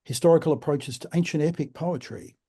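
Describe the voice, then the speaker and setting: Mellow-voiced hesitant male lecturer. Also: a little high, slightly rough. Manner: hesitant, halting. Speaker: lecturer and event organizer. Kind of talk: casual chat before a lecture.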